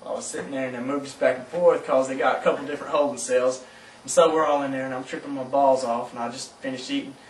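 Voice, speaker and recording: A young Southern man casually telling a profane, animated story to friends, laughing often and yelping through his quoted outbursts, recorded from far off in an echoey room. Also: mid-range voice, fast talker. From South Carolina, US. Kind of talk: casual anecdote among friends. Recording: echoey room, mic from far off, faint noise.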